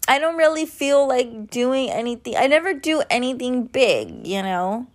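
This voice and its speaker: A woman's voice: high-pitched, sing-song, unhurried. A woman in her thirties tells a long story in a loose, chatty monologue. She rambles, fills gaps with filler words and swears bluntly. She sounds a little worn out. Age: 30s. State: tired.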